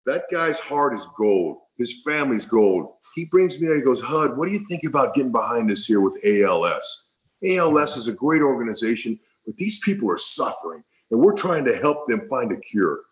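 A middle-aged man tells an emotional story in a rambling, heartfelt way, often circling back and repeating words. His pitch sits in an ordinary middle range. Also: very animated, normal speed, poor audio. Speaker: former baseball player, guest.

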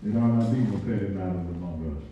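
A man's voice: fairly low pitch, quick pace, crowd noise. A male pastor preaching a folksy, joking sermon to his congregation, laughing often. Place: church sanctuary. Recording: echoey church heard from a distance, dull sound.

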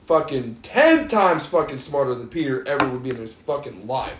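A man's voice: medium pitch, very animated, normal speed, a bit bright, reverberant, slight background noise. A man with a Texas accent hosting a podcast, profane, teasing and laughing a lot in rowdy casual chat. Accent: Texas Southern US. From Texas, USA.

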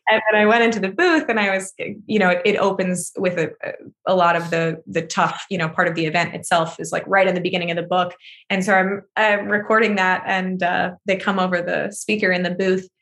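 A woman's voice: on the low side, fairly even intonation, brisk, fairly bright tone. A woman author being interviewed, talking openly and often laughing as she speaks. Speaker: author and guest. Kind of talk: emotional conversational interview.

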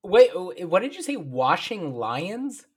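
A man co-hosting a casual podcast, reacting with jokes and quick asides. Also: high voice, husky. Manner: animated, joking reactions. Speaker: podcast co-host. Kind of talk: casual chat.

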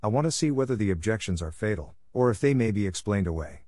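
A man voicing a calm, dryly ironic detective in a storybook reading, bland and unruffled. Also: fairly low pitch, quick pace, no echo, clean studio sound.

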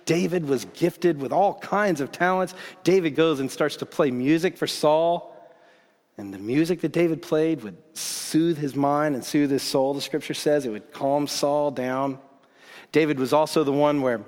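A man preaching a sermon as pastor, telling the story in a casual, animated way with bursts of excitement. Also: fairly high pitch, measured pace. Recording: long hall reverb.

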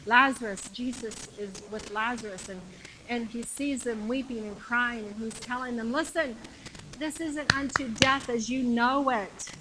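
A woman preaching a sermon with passion, repeating phrases and shouting the climactic lines. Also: a little high, measured pace, noisy background.

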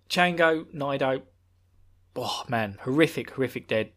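A man's voice: medium pitch, expressive, moderate pace, fairly bright tone. A man hosting a fantasy book podcast, chatting casually with frequent laughs and restarts. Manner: rambling, laughing, self-interrupting. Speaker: podcast host. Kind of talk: casual chat.

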